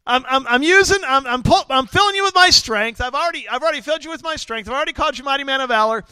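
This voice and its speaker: A man's voice: very high voice, flat delivery, extremely slow, sharp tone, smooth, no echo, clean studio sound, pitched above the performer's own voice, exaggerated voice. A man voicing God as an urgent male voice who keeps repeating his commands. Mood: insistent. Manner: rising, emphatic, repeating commands.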